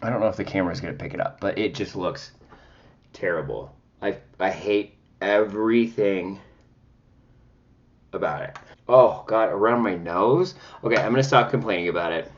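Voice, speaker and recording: A man's voice: on the low side, normal speed, dull audio. A man talking chattily and dramatically at home while he reviews makeup, full of sassy exclamations. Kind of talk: casual makeup review vlog.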